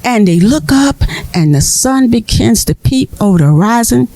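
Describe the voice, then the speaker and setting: A woman storyteller telling a folk tale to children in a lively, expressive way. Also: on the high side, normal speed.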